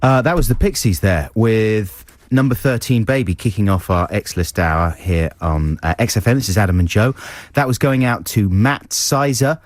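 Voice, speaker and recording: A man's voice: on the low side, normal speed, dry recording. A man hosting a radio show in playful, enthusiastic banter. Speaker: radio host.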